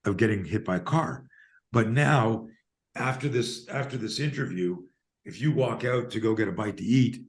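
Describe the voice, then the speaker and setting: A deep-voiced man in his fifties, speaking as a podcast guest. He tells stories with animated emphasis, pressing hard on key words. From Canada. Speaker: guest, self-defense coach. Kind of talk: podcast interview storytelling.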